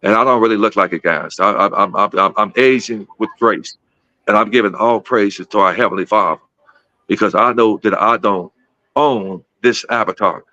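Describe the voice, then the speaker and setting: Low, bright-toned man in his fifties from Gary, Indiana. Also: normal speed, no echo, lo-fi sound. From Gary, Indiana, USA. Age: 50s. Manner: repetitive, addresses listeners as guys, emotional storytelling. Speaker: guest speaker. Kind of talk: casual storytelling talk.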